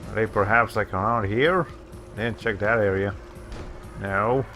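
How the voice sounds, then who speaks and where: A man's voice: on the low side, measured pace, sharp tone, faint music behind. A man streaming a video game, giving casual, rambling commentary as he plays, laughing often and correcting himself.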